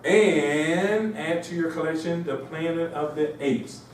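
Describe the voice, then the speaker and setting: Animated lecturing man in an echoey room. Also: on the high side, slow pace, a little hiss or hum. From Mauritania. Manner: animated, repetitive, slips into mocking voices. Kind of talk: informal lecture to a small audience. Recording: echoey room, distant mic.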